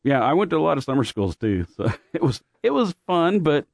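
A man from Louisiana and Oklahoma telling stories in a relaxed, rambling way, laughing often between thoughts. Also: on the high side, brisk, creaky, no room sound, studio quality. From born in Louisiana, raised mostly in Oklahoma. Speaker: guest with radio and theater background. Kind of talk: casual chat.

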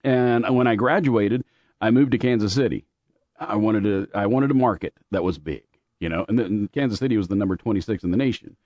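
A man from Louisiana and Oklahoma telling stories in a relaxed, rambling way, laughing often between thoughts. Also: fairly low pitch, a little fast, dry recording. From born in Louisiana, raised mostly in Oklahoma. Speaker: guest with radio and theater background. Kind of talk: casual chat.

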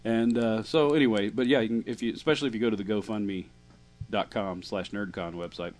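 A man's voice: on the low side, steady tone, fairly quick, darkish tone. A man hosting a podcast in casual chat, rambling with restarts and fillers. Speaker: podcast host.

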